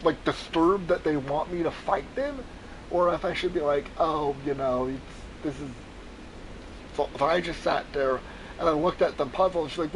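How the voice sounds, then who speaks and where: A streamer flying in a game tells a long, swear-filled story, animated and meandering in a casual way. His slightly high voice moves at normal speed. The low-quality recording carries slight background noise.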